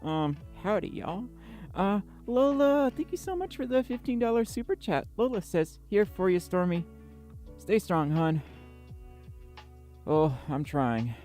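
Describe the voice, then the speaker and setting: A woman's voice: mid-range voice, very animated, a little slow, warm tone, faint music behind. A woman hosting a casual livestream, chatting with viewers and reading their messages in a tired, scattered way, laughing often. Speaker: livestream host.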